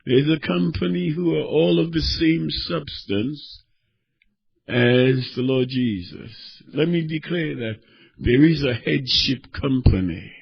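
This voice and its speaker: A man preaching a sermon, swinging between fervent shouting and quieter teaching as he reads scripture. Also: mid-range voice, vocal fry, breathy edge. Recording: dull lo-fi recording.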